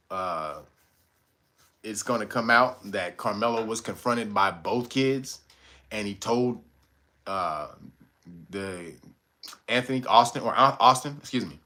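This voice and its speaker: A man hosting a casual commentary show, talking in loose slang with frequent laughter and rough language. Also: mid-range voice. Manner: animated, laughs often, profane slang.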